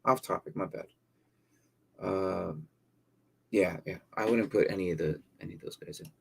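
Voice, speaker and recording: Speaking at normal speed in a deep, creaky, slightly rough voice, a man runs a casual live stream. He works through viewers' fantasy football questions, thinking aloud and often repeating words and using fillers.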